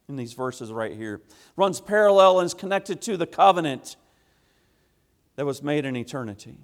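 A man delivering a sermon in a notably high voice. He drops into quiet, low asides, then builds to loud, emphatic passages with rhythmic repetition. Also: expressive, unhurried, pauses often. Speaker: preacher.

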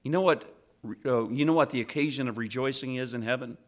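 A man, a father, preaching a sermon to children, swinging from loud impassioned rises to quiet earnest asides. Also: medium pitch, a little fast. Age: adult with children. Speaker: pastor.

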